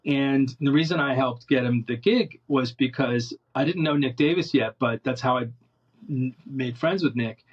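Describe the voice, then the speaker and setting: A male musician telling animated anecdotes in an interview, rambling with many restarts. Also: mid-range voice, moderate pace, breathy edge, lo-fi sound. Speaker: interview guest, musician and producer. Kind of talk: casual storytelling in an interview.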